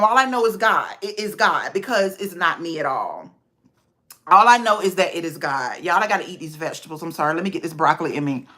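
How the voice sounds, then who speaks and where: A woman's voice: medium pitch, pushed and bright. A woman vlogger chatting casually on a livestream, talking to viewers by name.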